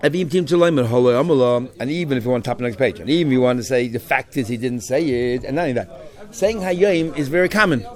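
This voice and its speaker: A man teaching a Talmud class works through the text in an animated, questioning style, sprinkling in Hebrew terms. His voice sits at a medium pitch and moves at a moderate pace.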